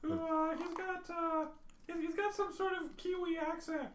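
A man puts on a squeaky falsetto for a confused female dispatcher. She sounds flustered and very high-pitched. There is echo from the room. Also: flat delivery, moderate pace, slight background noise. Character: shrill female dispatcher named Beatrice.

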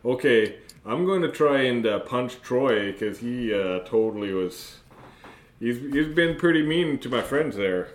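A man runs a tabletop game as game master, narrating slowly in a halting way with many fillers. His pitch is middling. The room around him is echoey. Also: animated. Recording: roomy echo, faint noise.

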